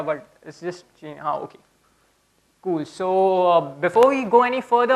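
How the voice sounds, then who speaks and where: A man's voice: sits high, a bit bright. A young man giving a casual, chatty technical talk at a conference, often checking in with "okay?". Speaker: conference speaker.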